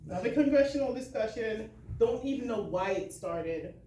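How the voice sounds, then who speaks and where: A woman's voice: a little high, lively intonation, normal speed, warm tone. Chatty woman speaking in an echoey hall. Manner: chatty and laughing, with many fillers. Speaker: keynote speaker. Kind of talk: keynote talk to a live audience. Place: large hall with audience. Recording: echoey hall, mic far off, faint noise.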